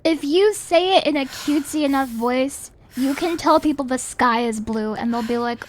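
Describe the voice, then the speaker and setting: A woman's voice: high voice, moderate pace, hardly any pauses. A woman streamer in casual chat, playful and rambling, teasing herself as she talks.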